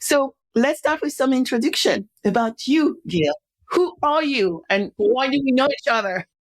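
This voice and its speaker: A woman's voice: high-pitched, lively intonation, normal speed. A woman hosting a podcast interview, introducing her guest and asking questions with emphatic energy. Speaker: podcast host.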